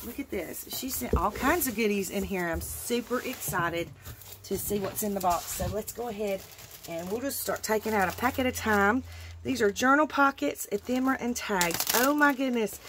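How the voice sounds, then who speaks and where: A woman's voice: medium pitch, fairly bright tone, slight background noise. A woman hosting a crafting channel, gushing with delight as she unboxes a happy-mail package. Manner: gushing, effusive, drawn-out exclamations.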